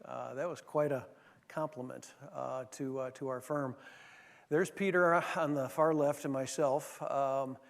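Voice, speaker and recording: A man's voice: mid-range voice, fairly even intonation, a little slow, gravelly. Guy giving a talk, storytelling with lots of ums, big hall with long echo. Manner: storytelling, many fillers and restarts. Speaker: former managing partner giving a talk. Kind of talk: anecdotal leadership talk.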